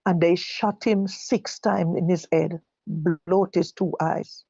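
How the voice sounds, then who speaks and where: An older Jamaican woman giving personal testimony, halting and correcting herself as she recalls what others said. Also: on the low side, fairly even intonation, vocal fry, warm tone, muffled recording, a little hiss or hum. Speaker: guest telling her own story. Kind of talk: personal testimony told live.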